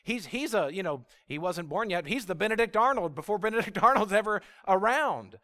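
A middle-aged man preaching a sermon, his voice sitting fairly high for a man. He is animated, acting out the prophet's complaints with feeling, and he turns low and quiet when he reads scripture. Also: brisk.

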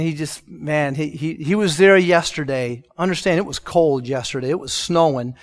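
Sharing his personal testimony from the pulpit, this pastor shifts back and forth between forceful declarations and soft, hushed passages. His pitch sits fairly high, his pace is moderate, and he rarely pauses.

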